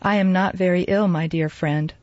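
A woman voicing an ailing, sad and forgiving middle-aged man who murmurs quietly and huskily in a storybook reading. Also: lowish voice, fairly even intonation, moderate pace, dry recording, lightly acted. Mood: weary. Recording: dull lo-fi dry recording.

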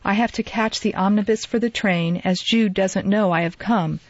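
Woman reading a shy sorry young woman, soft and kind, dull dry lo-fi audiobook sound. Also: mid-range voice, moderate pace, dry recording, close to an everyday voice. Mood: anxious. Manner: soft, kindly, hasty when pressed. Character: young woman, timid and remorseful.

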